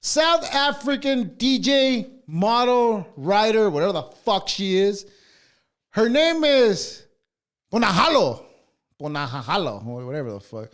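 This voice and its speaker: A man's voice: sits high, big pitch swings, unhurried, smooth. A man co-hosting a podcast, ranting heatedly with constant swearing. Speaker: podcast co-host. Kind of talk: casual podcast rant.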